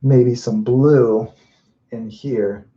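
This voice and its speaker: A man talks through his painting as he works, loose and unhurried, often restarting his sentences and tossing in "you know." His voice sits mellow and warm in a middle pitch. The recording is a little dull and lo-fi. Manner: relaxed, thinking aloud while painting, many restarts and "you know". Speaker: painting instructor. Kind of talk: live painting demonstration. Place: indoors at a painting wall.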